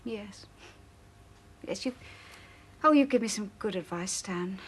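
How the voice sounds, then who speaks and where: A woman's voice: medium pitch, animated, a little slow, slight background noise, close to an everyday voice. An actress playing a worried woman defending her family business, anxious and pleading in a television soap. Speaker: motel co-owner. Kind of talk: 1980s television soap acting.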